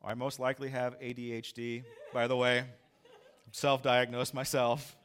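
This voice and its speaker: A male pastor telling a story in a sermon, animated and acting out his own lines loudly. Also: medium pitch, measured pace, clean tone.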